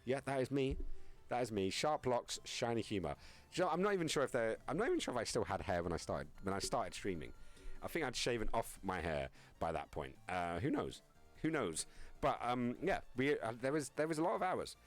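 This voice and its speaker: A man's voice: mid-range voice, sing-song, brisk, soft background music. A young man streaming live, chatting casually with viewers, reading chat aloud and joking around. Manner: rambling, joking, reads chat aloud and laughs often.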